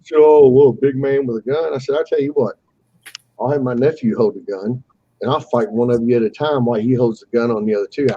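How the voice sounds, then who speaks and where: A man with a dark, husky voice tells a story in a loose, animated way. He swears freely and acts out the voices of the people he quotes. The sound is muffled and lo-fi, like a call. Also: mid-range voice, quick pace. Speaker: caller telling a fishing story. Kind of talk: casual storytelling on a live call.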